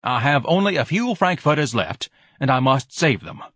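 A man's voice: medium pitch, sing-song, normal speed, fairly bright tone, slightly rough, no echo, clean studio sound, voice pushed up, exaggerated voice. A man doing a pompous, fussy, haughty big man. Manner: haughty, lofty, fussy diction, shrieks when upset. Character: pompous huge fussy grown man vendor.

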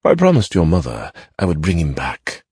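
A man's voice: deep voice, wildly swooping pitch, normal speed, a little mellow, slightly rough, dry recording, full character voice. Man playing a pushy broad-shouldered cousin, insistent, audiobook reading, dry sound. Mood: urging. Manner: insistent, persuasive. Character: broad, forceful older cousin, pressing.

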